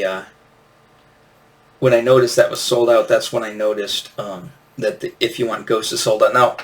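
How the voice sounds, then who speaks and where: Male vinyl vlogger, mid pitch, casual rambling rant, plenty of swearing. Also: a bit bright. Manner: many fillers and restarts. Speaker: vinyl channel host. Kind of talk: casual vlog talk.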